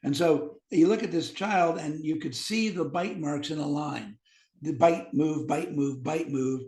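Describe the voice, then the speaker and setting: A man in his fifties with a fairly high, unhurried voice appears as a physician guest on a podcast interview. He tells animated medical anecdotes, acting out the quoted dialogue, and the room sounds echoey.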